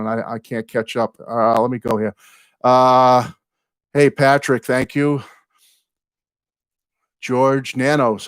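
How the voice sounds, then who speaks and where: An older man hosting his own live chat, greeting viewers and rambling excitedly through fan stories and thank-yous. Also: medium pitch, no echo, clean studio sound. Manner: rambling, excitable, apologizes for going off on tangents. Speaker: host of a music fan channel.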